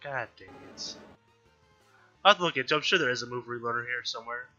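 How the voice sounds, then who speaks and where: A man's voice: mid-range voice, fast, sharp tone. A man with a nasal voice from allergies, chatting casually as he plays a video game and thinks aloud. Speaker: gaming YouTuber. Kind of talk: casual let's-play commentary. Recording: dull lo-fi audio with faint game music. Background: faint game music.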